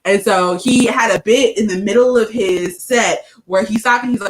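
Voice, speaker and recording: A woman in her thirties chats casually with a friend on a podcast. She tells a long story and slips into the voices of the people she quotes, at a middling pitch. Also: fast, few pauses, poor audio. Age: 30s. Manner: chatty storyteller, acts out quoted dialogue. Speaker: podcast co-host. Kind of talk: casual chat.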